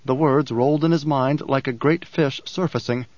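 Measured male audiobook narrator. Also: medium pitch, steady tone, darkish tone, no room sound. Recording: dull, dry audiobook sound.

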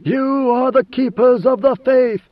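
A man voicing a vast, ancient god-emperor who is part sandworm, speaking slowly and solemnly in an audiobook. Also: very high voice, pitched above the performer's own voice. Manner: slow, solemn, measured. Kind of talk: audiobook character voice. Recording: dull lo-fi recording.

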